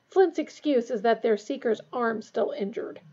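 Fierce young captain guy, read by a woman, bitter forceful lines, lo-fi sound. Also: a little high, normal speed, natural voice. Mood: angry. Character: intense, anxious young male sports captain.

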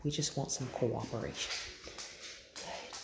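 A woman dog trainer demonstrating at home, praising softly and calmly, often dropping to a hush. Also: very deep voice, a little slow. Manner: soft, calm praise, often hushed to a whisper. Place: indoor home room with a dog crate. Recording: roomy echo with loud background noise.

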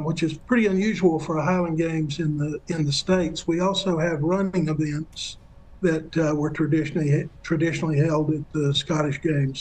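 A middle-aged man answers a TV news interviewer in a steady, explanatory way. His voice sits fairly high for a man, and he often pauses with fillers and restarts his sentences. Faint noise hums behind him. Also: rough recording. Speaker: president of a Highland games.

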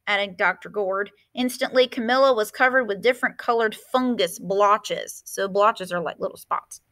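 A woman's voice: mid-range voice, normal speed, few pauses, fairly bright tone. A woman teacher reading a picture book aloud, expressively, stopping to explain words.

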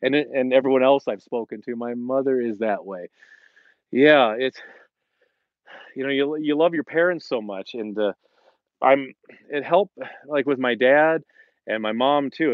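A middle-aged man talks at an ordinary pitch in a rambling, chatty way, acting out the lines he quotes. His voice sounds dull and lo-fi. The room around him is dry, with no echo. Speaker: fitness instructor and host. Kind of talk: casual live-stream chat. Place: home in the Colorado mountains.

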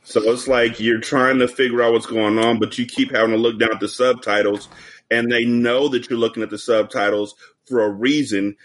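A man's voice: medium pitch, steady tone, moderate pace. A man as a podcast guest, telling stories and jokes in a profane casual chat over a video call. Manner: joking, profane storytelling.

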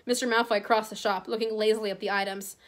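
A woman teacher reading a novel aloud to her class, expressive, with small slips and restarts. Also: mid-range voice, quick pace.

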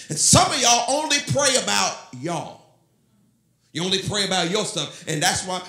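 A man, a pastor, preaching a sermon in a church, often breaking into shouted and half-sung lines. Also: sits high, expressive, normal speed. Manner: preaching, rising to shouts, half-singing phrases. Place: church sanctuary. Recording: echoey church room.

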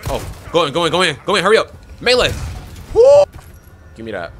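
Excitable young man playing a horror game. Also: fairly high pitch, racing, soft background music. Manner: excitable, talks to viewers, yelling at enemies. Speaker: gaming youtuber. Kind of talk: let's play commentary. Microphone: desk microphone.

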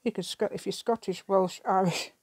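At her crafting table, filmed by a camera set there, a middle-aged English woman rambles and thinks aloud with frequent laughter. Her medium-pitched voice is steady and a little mellow at normal speed, with no echo.

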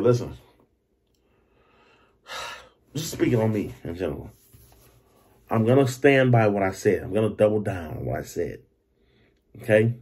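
A man hosting a podcast, telling a story in a loose, animated monologue. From Detroit. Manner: animated storytelling, acts out others in high voices. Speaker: podcast host. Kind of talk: casual monologue.

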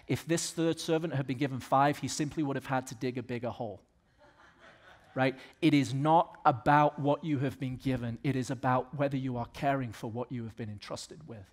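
A man from the American South preaching a sermon as pastor of a church, swinging between loud exhortation and quiet, earnest asides. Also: mid-range voice, steady tone, brisk. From Southern United States.

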